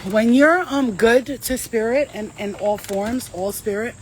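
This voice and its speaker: A woman's voice: a little high, unhurried, slight background noise, low-quality recording. A woman, a psychic medium and host, telling a story to a live audience in casual, streetwise slang, with lots of swearing. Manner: animated, profane, streetwise slang.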